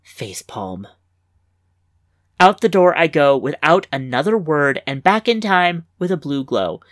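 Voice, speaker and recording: Slightly low female story reader, wry lively first-person delivery, dry close mic. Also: moderate pace, dry recording. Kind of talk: scripted fiction narration.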